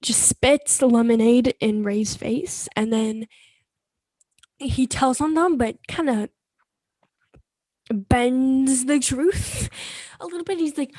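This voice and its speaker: A young woman casually retelling a movie plot as co-host, slipping into quick quoted voices. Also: high voice, a little mellow, no echo. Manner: retells scenes with quick put-on character quotes. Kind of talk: casual chat.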